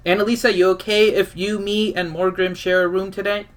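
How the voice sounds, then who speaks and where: A man playing a tabletop game, joking and lively. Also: sits high, fairly quick. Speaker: player.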